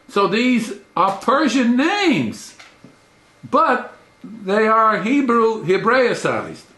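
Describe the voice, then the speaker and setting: Halting lecturing man in an echoey room. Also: a bit bright. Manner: halting, with repeated restarts and frequent pitch jumps for emphasis. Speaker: professor giving a talk.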